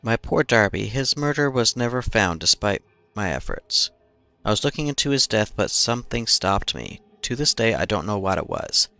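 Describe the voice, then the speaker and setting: Grieving ghost voiced by a man, pleading, raised voice, bright. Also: fairly low pitch, big pitch swings, normal speed, dry recording, full character voice.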